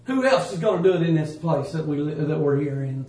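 A man preaching a sermon in a folksy, emphatic way, swinging from loud to hushed. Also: fairly high pitch, expressive, brisk. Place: church. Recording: roomy church sound from a distance.

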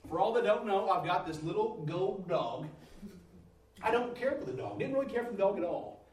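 A man, middle-aged, preaching in a folksy, storytelling way that swings up into loud exclamations. His voice sits high for a man. He sounds distant from the mic in an echoey room. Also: expressive, normal speed. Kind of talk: storytelling sermon.

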